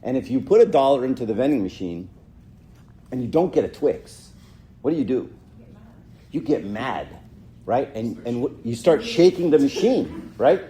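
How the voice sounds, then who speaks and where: With a warm, medium-pitched voice, a middle-aged man talks casually to church youth at normal speed, very animated but with long pauses. He chats with listeners, acts out short quotes, and repeatedly asks "right?"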